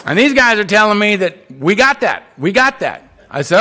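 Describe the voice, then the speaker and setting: A middle-aged man at a conference podium microphone, telling his recovery story in an animated way and acting out what other people said. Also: high voice, moderate pace. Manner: animated, acts out quoted voices, swings between loud and hushed. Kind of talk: personal storytelling talk. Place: conference hall.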